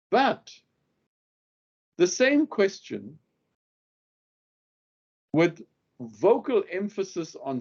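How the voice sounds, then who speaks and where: Lo-fi sound captures a man whose voice is a little high, darkish in tone, and slightly rough. As a legal skills instructor lecturing on questioning witnesses in court, he plays out the example questions and hammers the key words.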